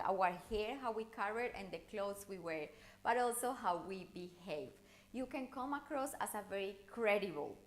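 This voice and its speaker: A woman coaching viewers through an online challenge lesson, talking in an animated, encouraging way with intonation that rises and falls. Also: medium pitch. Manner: encouraging, speaks straight to the viewer. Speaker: communication coach.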